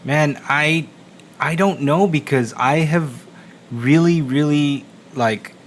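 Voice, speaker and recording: A man's voice: fairly high pitch, takes it slowly, slight background noise. A man co-hosting a podcast, talking casually in a small studio, rambling and laughing often with lots of fillers. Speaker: podcast co-host. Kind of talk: casual chat.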